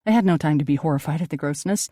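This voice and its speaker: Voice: medium pitch, very fast, warm tone, dry recording, clean studio sound. An audiobook narrator reading a first-person ghost story, turning dramatic at tense moments.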